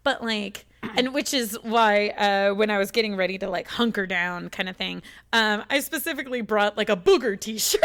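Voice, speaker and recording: A woman's voice: mid-range voice, lively intonation, moderate pace, few pauses, a bit bright, a little hiss or hum. A woman from the United States talking in a casual, rambling chat, swearing a lot and getting emotional as she tells her story.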